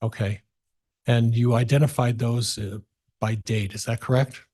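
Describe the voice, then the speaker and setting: A man's voice: medium pitch, fairly even intonation, moderate pace, a little mellow. A man working as a defense attorney, methodically questioning a witness in a courtroom with some hesitations.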